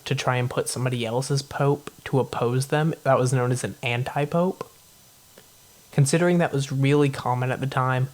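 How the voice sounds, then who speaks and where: A man's voice: mid-range voice, darkish tone. A man casually retelling history as a podcast host, playful and conversational. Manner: conversational, playful, acts out quotes. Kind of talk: casual comedic history storytelling.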